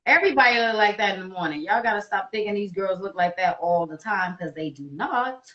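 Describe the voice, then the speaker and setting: A woman's voice: medium pitch, fairly quick, roomy sound, dull audio. A woman in her thirties co-hosting a casual live talk show, laughing often and telling stories with energy. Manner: laughs often, animated storytelling. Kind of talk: casual banter on a live stream.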